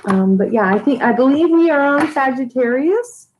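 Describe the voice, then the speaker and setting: A woman doing a casual weekly angel card reading for her viewers, emotional and rambling, with many halting restarts. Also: high voice, lively intonation, noisy background. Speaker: tarot reader.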